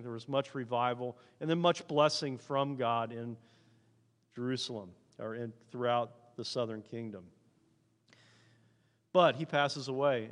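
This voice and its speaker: Preaching man in a reverberant hall. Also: mid-range voice. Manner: reads scripture aloud, then speaks the prophet's and God's words in a hushed voice. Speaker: pastor. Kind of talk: sermon.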